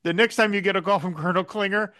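A man putting on a gruff, bluff older army colonel in an exaggerated impression. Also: high voice, steady tone, fast talker, bright, forceful tone, voice pushed up. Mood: blustering.

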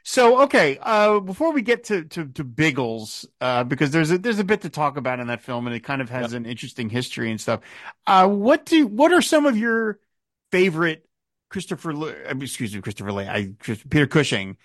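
A man's voice: a little high, big pitch swings, brisk, a bit bright, no room sound, studio quality. Rambling male podcast host. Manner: rambling questions with restarts. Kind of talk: casual podcast chat.

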